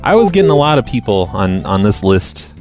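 A man hosting a call-in show, reading out voicemails and talking with a sarcastic, crude, deadpan manner. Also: on the low side, a little fast, over loud music. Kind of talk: casual call-in show chat.

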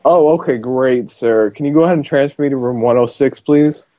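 A man's voice: mid-range voice, brisk, dark tone. Confused man on a muffled line. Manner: confused, hesitant. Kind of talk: phone call.

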